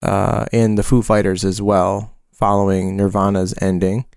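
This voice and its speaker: A man's voice: deep voice, little pitch movement, unhurried, vocal fry, a little mellow, no room sound, studio quality. A man in his forties chatting casually on a podcast, telling a rambling story with lots of fillers and restarts. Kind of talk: casual chat.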